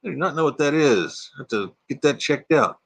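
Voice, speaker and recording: Older texan guy hosting a live chat from his rv, goofy and jokey, voice jumps all over the place, a bit higher than most men. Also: animated, a little fast, creaky, fairly bright tone, slightly rough. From Texas. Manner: jokey, slips into silly bits and voices. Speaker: livestream host.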